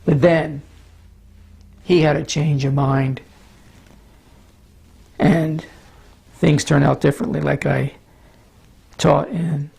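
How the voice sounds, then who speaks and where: Teaching a sermon with a map, a pastor speaks in a measured, flat delivery, frequently tripping slightly over words. His allergies make his voice hoarse and scratchy, and he clears his throat often; it sits a bit high, with a gravelly, husky roughness and a darkish tone.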